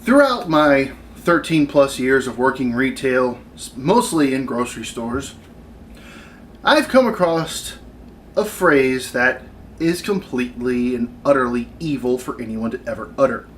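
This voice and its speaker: A man's voice: medium pitch, animated, measured pace, fairly bright tone, a little hiss or hum. A man in his thirties ranting on camera about his retail job, exasperated and sarcastic. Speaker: retail worker venting on camera. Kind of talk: comedic rant vlog.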